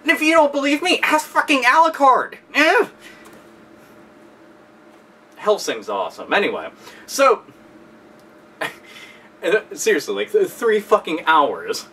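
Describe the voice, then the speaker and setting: A man's voice: sits high, wildly swooping pitch, unhurried, sharp tone, slight background noise. A man hosting a video, ranting angrily with heavy profanity and sarcasm, recorded a bit far from the mic. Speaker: video host. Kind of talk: angry ranting commentary.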